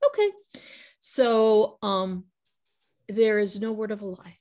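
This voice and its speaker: Middle-aged woman, chatty podcast guest, animated storyteller, mid pitch. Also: slow. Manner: animated, retells conversations in quoted voices, laughs often. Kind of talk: casual podcast interview storytelling.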